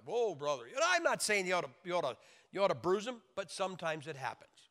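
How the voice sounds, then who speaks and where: A man preaching a sermon in an emphatic, joking way, now and then mimicking wailing babies with high shouts. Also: very animated, a little fast. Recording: long hall reverb.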